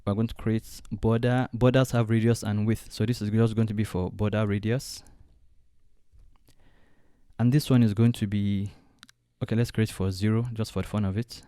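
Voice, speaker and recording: Man, software tutorial walkthrough, mellow, dry close sound, thinks aloud. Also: lowish voice, flat delivery, normal speed, clear, resonant tone, no echo. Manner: thinking aloud step by step, with fillers. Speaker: design tutorial host. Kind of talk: screen-recorded software tutorial.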